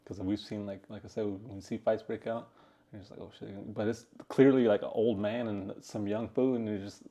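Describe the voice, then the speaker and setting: A man co-hosting a casual podcast, his voice low and mellow. He talks in a laid-back, rambling way and swears freely. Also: fairly even intonation, fairly quick. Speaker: podcast co-host. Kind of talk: casual chat.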